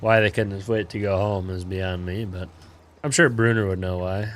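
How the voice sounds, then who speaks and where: A man's voice: deep voice, fairly even intonation, normal speed. A man in his twenties, a livestreamer telling a crude story in laid-back, rambling casual chat full of fillers.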